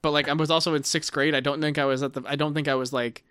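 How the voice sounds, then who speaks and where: A man's voice: on the high side, little pitch movement, quick pace, fairly bright tone, smooth, no room sound, clean studio sound. A man in his thirties co-hosting a podcast, chatting casually and rambling with many restarts, fillers and swearing. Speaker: podcast co-host. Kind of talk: casual chat.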